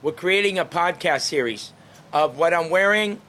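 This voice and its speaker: An upbeat man with a slightly high voice chats with people passing by on a town street. He talks freely, laughing often, as a street greeter and podcast host. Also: moderate pace, pushed and bright. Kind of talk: casual chat with passersby.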